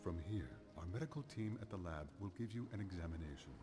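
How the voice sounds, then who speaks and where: An actor playing a soft-spoken scheming male demon chief, talking in a calm, hushed, almost whispery way. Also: deep voice, fast, over music. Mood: smooth.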